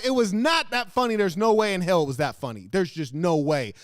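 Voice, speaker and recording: A man's voice: high voice, animated, brisk, no echo. A man hosting a show, giving crude, mocking reaction commentary on video clips in his studio. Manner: brash, mocking, crude insults with sudden laughs. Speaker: host.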